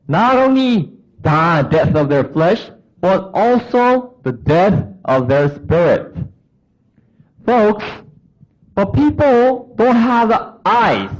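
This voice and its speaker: A man delivering a sermon at an unhurried pace, his voice slightly higher than most men's and swinging widely as he acts out voices and fires questions at the congregation. The recording sounds a little dull and lo-fi. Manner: animated, acts out voices of people and God. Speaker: preacher.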